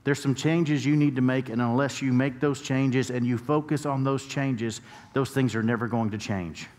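A man's voice: medium pitch, fairly even intonation, normal speed, a little mellow. Storytelling preacher man in a reverberant church. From United States. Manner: storytelling preacher, rising to emphatic peaks. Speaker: pastor. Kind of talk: sermon. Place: church sanctuary. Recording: long church hall reverb.

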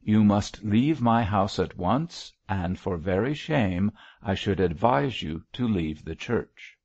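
A man's voice: on the low side, animated, slow, a little mellow, no echo, heavily acted. A man reading a stern reproachful old bishop. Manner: solemn, reproachful. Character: elderly male bishop, mild but stern. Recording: dull lo-fi dry recording.

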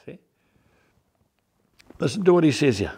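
A man's voice: a little high, big pitch swings, unhurried, dark tone, breathy edge. A man preaching a folksy, emphatic devotional sermon, talking straight to his viewers as "folks". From South Africa. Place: on his farm.

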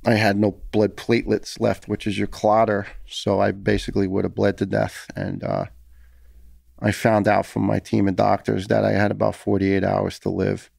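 A man's voice: lowish voice, moderate pace, vocal fry, a little mellow, dry recording, clean studio sound. A man telling a personal story in a podcast interview, earnest and heated, often repeating words as he talks. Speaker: podcast guest, retired firefighter.

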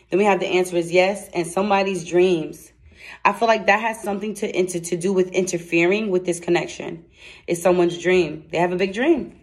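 A woman giving a casual tarot reading to camera, excitable and chatty, blunt and slangy, speaking straight to her viewers. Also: medium pitch. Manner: excitable and chatty, laughs and exclaims. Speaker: tarot card reader.

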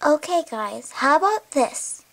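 A child doing a mother in a homemade toy story, fussing over her kids and snapping into a scold when they misbehave. The voice sits very high and the delivery is slow and unhurried. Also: very animated, gravelly, fairly bright tone, full character voice. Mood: calm, fussy. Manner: scolds sharply when upset. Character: caring but stern mother of three kids. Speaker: voicing toy figures in a home video. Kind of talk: homemade toy play narration.

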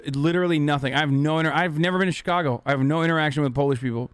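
A man's voice: a little high, rapid-fire, clear, resonant tone, no echo, studio quality. A man in his thirties streaming live reaction commentary, mocking and profane, joking loosely as he talks.

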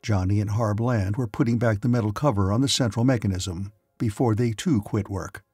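A man's voice: fairly low pitch, fairly quick, darkish tone, husky, no echo. A man narrating a science fiction audiobook with dramatic storytelling. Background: faint music.

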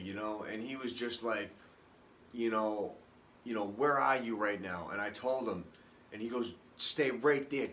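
Low-voiced man telling his story haltingly. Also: fairly bright tone, a little hiss or hum. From Boston area, US. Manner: halting, many restarts, emotional. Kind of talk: personal testimony, unscripted.

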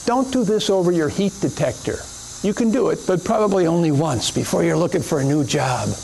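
A man's voice: on the high side, animated, fairly quick, vocal fry, darkish tone, slight background noise. A middle-aged man joking with helpers as he gives a chemistry demonstration in a classroom. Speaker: chemistry teacher. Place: classroom or lecture hall.

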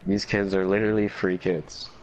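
A man's voice: moderate pace, muffled recording, a little hiss or hum. Swearing young man streaming a game. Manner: swearing, excitable, often frantic and high-pitched when chased. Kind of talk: live gameplay chat with teammates.

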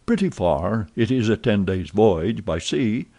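A man reading the part of a calm, suspicious detective in an audiobook, asking measured probing questions. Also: lowish voice, heavily acted.

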